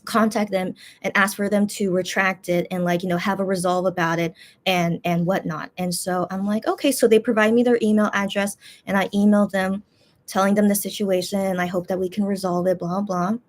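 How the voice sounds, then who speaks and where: A woman's voice: mid-range voice, level tone, a little fast. Chatty frustrated woman vlogger. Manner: rambling, many fillers and restarts; frustrated, complaining. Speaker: YouTube channel host. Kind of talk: casual chat to viewers.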